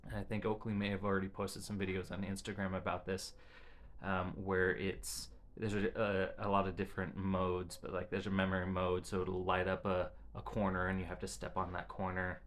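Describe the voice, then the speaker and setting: A man giving a casual vlog update about his family, talking in halting phrases and often restarting them, into a camera he adjusts himself. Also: deep voice, monotone, fairly bright tone.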